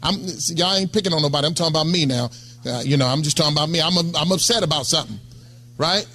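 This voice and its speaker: A man's voice: on the high side, quick pace, bright, forceful tone. A middle-aged man preaching a sermon in a conversational way, often calling out to the congregation. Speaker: pastor.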